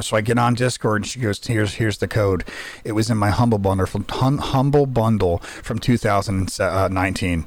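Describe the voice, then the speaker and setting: A man co-hosting a casual podcast, telling profane, excited stories about a survival game with lots of restarts. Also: medium pitch, normal speed, no room sound. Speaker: podcast co-host and streamer.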